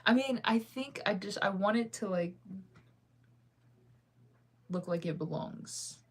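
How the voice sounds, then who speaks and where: A woman's voice: medium pitch, slow, breathy edge. A young woman chatting casually to her viewers, rambling and indecisive, laughing often as she talks things through. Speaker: vlogger.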